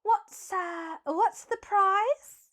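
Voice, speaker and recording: A woman's voice: high voice, very animated, measured pace, a bit bright, pitched above the performer's own voice, heavily acted. A woman playing a sly cat-folk ship captain. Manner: sly, teasing, knowing.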